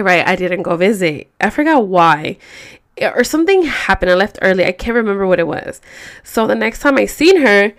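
Cali woman on her podcast just rambling thru a story, swears a lot, says like every other word, smooth clear voice. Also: medium pitch. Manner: rambling, profane, heavy on fillers like "like". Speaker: podcast host. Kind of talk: casual storytelling.

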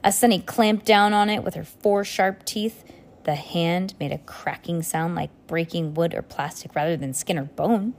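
A woman's voice: lowish voice, moderate pace. A woman reading a novel aloud chapter by chapter, breaking off now and then for casual asides. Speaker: reader.

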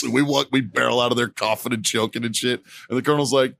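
A middle-aged man, a podcast co-host, telling a profane war story in a casual, animated way and acting out the people in it. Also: mid-range voice, fairly quick, creaky, hardly any pauses. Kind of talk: casual storytelling among friends.

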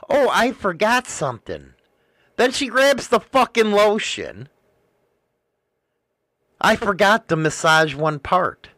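Guy rambling through a dirty story, swears nonstop, high voice that swings all over. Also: big pitch swings, slow, long pauses, pushed and bright, dry recording, studio quality. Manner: crude, profane, rambling. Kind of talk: casual storytelling.

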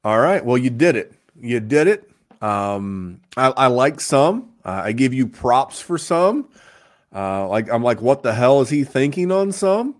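A man's voice: medium pitch, sing-song, slow. Upbeat rambling male podcast host. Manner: upbeat, rambling, hands out shout-outs and plugs. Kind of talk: casual podcast chat.

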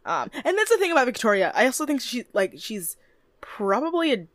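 A woman's voice: fairly high pitch, big pitch swings, fairly quick, a bit bright, no room sound. A woman co-hosting a casual podcast, chatty and swearing freely as she recaps a TV show. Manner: chatty, swears, laughs, acts out quotes. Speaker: podcast co-host.

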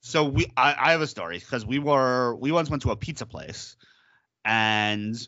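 A man's voice: medium pitch, animated, moderate pace, pushed and bright, highs cut off. A man co-hosting a podcast, rambling animatedly with lots of fillers. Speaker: podcast co-host. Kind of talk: casual chat about a TV episode.

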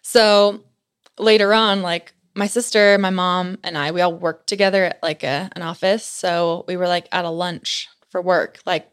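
A woman's voice: fairly low pitch, normal speed, clear, resonant tone. A young woman telling a personal story in a casual chat, peppering her talk with "like" and retelling scenes with animation. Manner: chatty, heavy use of "like", animated retelling.

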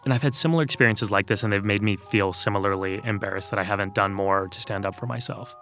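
Over soft background music, a fast-talking man from Texas shares personal stories as an interview guest. His lowish voice has a fairly bright tone, and he's earnest and reflective, leaning heavily on filler words.

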